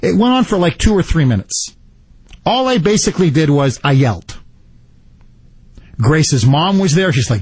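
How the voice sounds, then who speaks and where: A male radio talk show host telling a story in animated fashion and taking calls on a studio mic. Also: mid-range voice, moderate pace, dry recording. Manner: animated storytelling, acts out quotes. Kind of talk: talk radio monologue and call-in.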